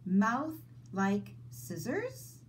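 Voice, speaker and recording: Lady doing a nervous little bookworm boy in a storybook, dry and matter-of-fact, slow and careful. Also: on the high side, wildly swooping pitch, slight background noise, heavily acted. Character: cautious, bookish boy, a bit anxious.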